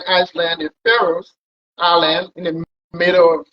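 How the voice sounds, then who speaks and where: A man's voice: fairly high pitch, flat delivery, moderate pace. A man talking as a pilot guest, recounting his long trip in a casual, rambling way and often repeating words. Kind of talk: conversational storytelling. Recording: dull lo-fi recording.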